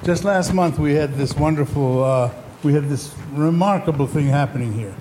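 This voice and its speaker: A man's voice: a little high, normal speed, reverberant, background noise, lightly acted. Man telling a joke as a boastful devoted disciple. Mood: gushing. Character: proud male Hasidic disciple, boastful and devoted.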